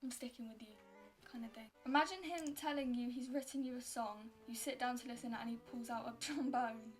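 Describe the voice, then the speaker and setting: A woman's voice: fairly high pitch, fairly even intonation, brisk. A young woman, telling stories and reacting in a chatty, exasperated way, full of "like". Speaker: YouTuber. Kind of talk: casual storytelling and reacting. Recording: music playing underneath.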